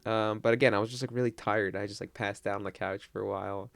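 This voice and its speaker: A man's voice: fairly low pitch, fairly even intonation, quick pace, vocal fry, dry recording, faint music behind. A young man, casually telling a long rambling story to his stream chat, with lots of restarts and swearing.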